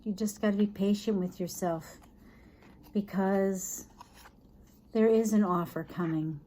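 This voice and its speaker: A woman's voice: steady tone, unhurried, a little hiss or hum. Tired, chatty woman reading tarot. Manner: chatty, thinks aloud, soft and low at times. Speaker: tarot reader.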